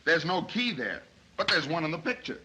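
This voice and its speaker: A brash, impatient police inspector barks orders and tosses off wisecracks. His voice is bright and cutting, and its pitch leaps around. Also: sing-song, normal speed, a little hiss or hum, low-quality recording. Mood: gruff. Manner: gruff, wisecracking, barking orders. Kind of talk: 1930s film acting.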